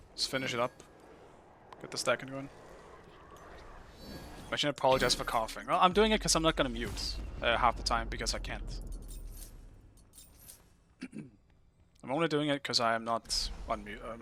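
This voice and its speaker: A man live-streaming a game while getting over an illness, coughing now and then. He talks to his viewers in a loose, rambling way, correcting himself as he goes. His voice is bright and pushy, with a faint hiss under it. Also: mid-range voice, normal speed, long pauses. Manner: rambling, self-correcting, chatty asides to viewers. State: sick, coughing at times. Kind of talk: casual live-stream chat while playing.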